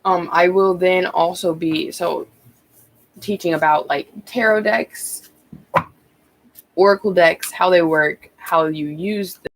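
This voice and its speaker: A woman's voice: fairly low pitch, fairly even intonation, slow pace, a little hiss or hum, rough recording. A woman tarot reader talking casually on a live stream, rambling with many ums and restarts, a bit out of breath.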